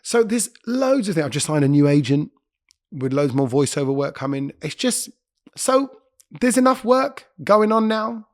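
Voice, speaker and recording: A man, a radio presenter, chatting as a podcast guest and telling stories quickly, often breaking off to correct himself. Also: fairly high pitch, very animated. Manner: quick, chatty storyteller who interrupts himself. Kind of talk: casual interview chat.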